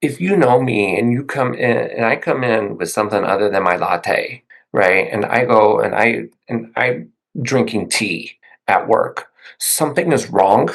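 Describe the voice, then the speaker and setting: Gravelly man rambling on a podcast. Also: fairly low pitch, a little slow. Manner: rambling, laughs often. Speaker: podcast co-host. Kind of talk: casual chat.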